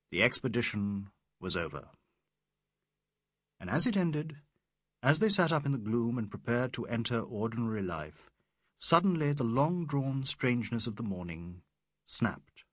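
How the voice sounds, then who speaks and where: Expressive, husky-voiced male narrator. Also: mid-range voice, no echo, studio quality. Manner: expressive, measured reading. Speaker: audiobook narrator. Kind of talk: scripted narration.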